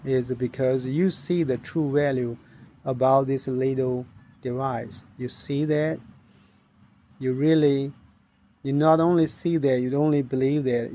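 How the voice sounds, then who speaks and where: A man's voice: medium pitch, dark tone. A middle-aged man earnestly telling a personal story in non-native English, acting out the voices of people he met. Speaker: inventor sharing his story.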